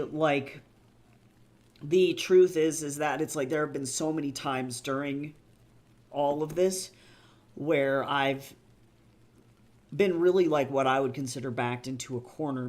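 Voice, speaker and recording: Emotional male streamer, slightly high voice, near tears, rambling thanks with casual cursing at a desk mic. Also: darkish tone. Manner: gushing and emotional, swears freely, rambles. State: teary, on the verge of crying. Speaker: author and livestreamer. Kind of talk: casual livestream chat with viewers. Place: home office.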